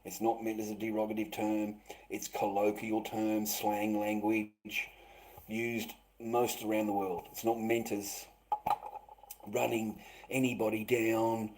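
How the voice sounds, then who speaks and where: A man's voice: on the low side, completely flat delivery, slow pace, darkish tone, low-quality recording. A middle-aged man rambling through a livestream monologue, swearing often and restarting his sentences. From Australia. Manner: swearing, repetitive, stammering restarts.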